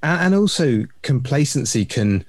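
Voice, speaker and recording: A man in the middle of the usual pitch range talks as a podcast guest, recorded dry and close. He reflects on business and work and often closes his points with tag questions. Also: very animated, moderate pace, no room sound. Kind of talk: casual business podcast chat.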